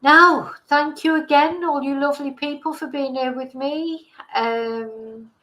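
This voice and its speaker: A woman's voice: high-pitched, steady tone, unhurried, pushed and bright, low-quality recording. A middle-aged woman from England hosting a live stream, chatting casually and reading out viewer comments, with frequent hesitations and self-corrections. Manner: rambling, hesitant, many fillers and self-corrections. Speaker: livestream host.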